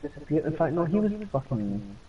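A man streaming a game with friends, telling animated, swearing, laughing stories in casual chat. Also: a little high, brisk, far from the mic, lo-fi sound, slight background noise.

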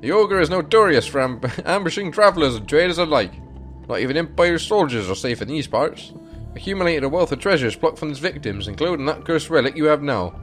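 Man putting on big loud blacksmith's daughter, hearty, higher voice, put-on accent, faint music behind. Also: a little fast. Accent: put-on British regional accent. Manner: loud, bellowing, excited.

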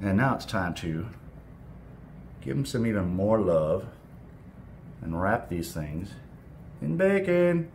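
He's an American cooking vlogger, cheering enthusiastically about the food at an outdoor grill while the wind blows. His deep, somewhat dark voice has lively intonation but moves slowly, with long pauses, and outdoor noise runs over the recording.

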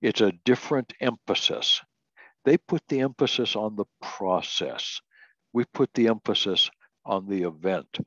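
An older man giving a slow, deliberate Bible doctrine lesson, reading scripture aloud and often restarting with "uh". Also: lowish voice, no room sound. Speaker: Bible teacher. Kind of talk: recorded doctrine lecture. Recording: dull lo-fi audio.

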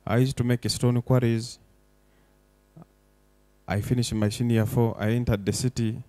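A man's voice: medium pitch, level tone, measured pace, dry recording. A young man giving an emotional, impassioned public speech as a foundation director. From Uganda. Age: young adult. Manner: impassioned, rising to forceful declarations. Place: event hall.

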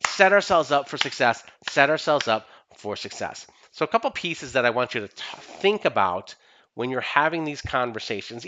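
Bright-voiced man giving emphatic training talk. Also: on the high side, lo-fi sound. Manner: emphatic, repeats key phrases. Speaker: company CEO presenting training. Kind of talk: instructional talk on workplace skills.

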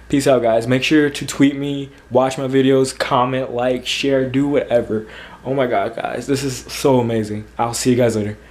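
A man's voice: mid-range voice, steady tone, unhurried. A man vlogging at home late at night, gushing and repeating himself as he talks straight to his viewers. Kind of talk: excited reaction vlog.

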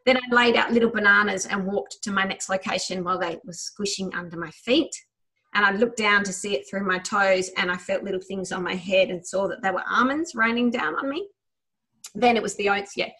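Bright-voiced woman leading a memory exercise. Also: mid-range voice. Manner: quick, enthusiastic talker who tries to slow down; chatty, with many fillers. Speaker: memory trainer. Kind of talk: guided visualization lesson. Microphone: video call.

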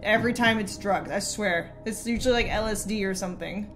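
A woman's voice: mid-range voice, a little fast, a bit bright, soft background music. A young woman streamer reading viewer messages aloud and answering them with sarcastic, casual commentary. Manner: sarcastic, reads messages aloud in mocking voices.

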